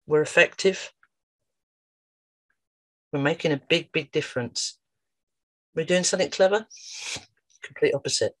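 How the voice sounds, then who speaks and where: A man's voice: a little high, unhurried, pauses often, no room sound. A man giving an informal talk about his work with children and adults, chatty and fond of acting out quotes. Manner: chatty storyteller, acts out quotes. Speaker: wellbeing practitioner. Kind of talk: informal promotional talk with anecdotes.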